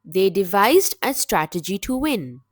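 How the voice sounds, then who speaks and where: Slow, lively-voiced woman teaching vocabulary. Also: mid-range voice, no room sound, clean studio sound. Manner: measured, clear word-by-word delivery. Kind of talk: slow, deliberate scripted vocabulary lesson.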